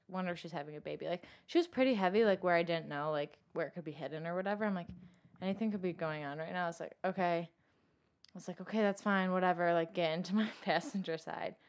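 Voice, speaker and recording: Telling her own story in casual conversation, a young woman with a lowish voice packs "like" into almost every phrase and shifts between loud and hushed delivery.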